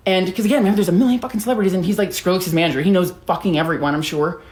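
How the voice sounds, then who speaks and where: Woman, casual storytime, chatty, fillers, swearing, lowish voice, roomy echo. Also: racing, a little mellow. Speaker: storytime vlogger.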